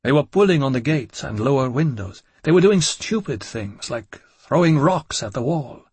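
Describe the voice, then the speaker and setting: A man narrates a gothic novel in the first person with a measured, dramatic delivery. His voice sits at an ordinary pitch with a husky grain. It sounds close and dry, with no room echo. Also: expressive, darkish tone. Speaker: audiobook narrator.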